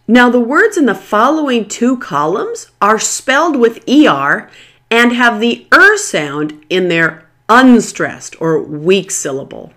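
A very slow, deliberate voice leads a pronunciation drill. Each word is pronounced carefully on its own, and the pitch moves in a lively way across the phrases. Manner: slow, careful enunciation of single words. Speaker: pronunciation teacher. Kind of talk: scripted pronunciation lesson.

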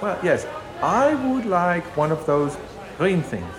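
A man's voice: high voice, very animated, slow pace, echoey room, a crowd in the background, heavily acted. An actor playing a cheerful German man shopping at a greengrocer's, with a German accent and stiff, formal English. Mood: eager.

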